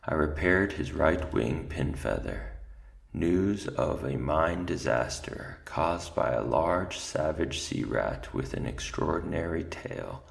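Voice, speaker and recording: A man reading aloud gives voice to an ancient male mouse archivist, doddering and forgetful, muttering little asides before settling into a grave recital. The voice sits very low and heavily gravelly. It is a storybook character, not a stage performance. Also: animated, takes it slowly, full character voice.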